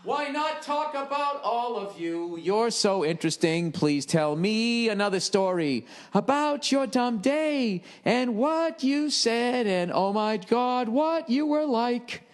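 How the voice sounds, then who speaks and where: A man's voice: very high-pitched, expressive, slow pace, hardly any pauses, pitched above the performer's own voice, heavily acted. A man putting on a sarcastic, fawning woman's voice, sing-song and exaggerated. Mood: sarcastic gushing.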